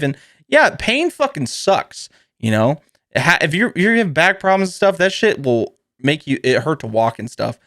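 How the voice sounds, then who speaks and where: A man's voice: medium pitch, no echo, clean studio sound. A man hosting his own podcast, talking casually and rambling with lots of fillers, often laughing and acting out voices. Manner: animated storytelling with mimicked voices. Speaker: podcast host. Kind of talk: casual solo podcast chat.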